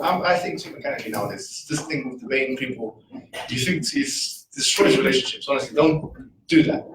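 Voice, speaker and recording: A man giving a casual, argumentative talk to a live audience, full of rhetorical questions and quick asides. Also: on the high side, fairly bright tone, echoey room, far from the mic, slight background noise, rough recording. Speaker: speaker.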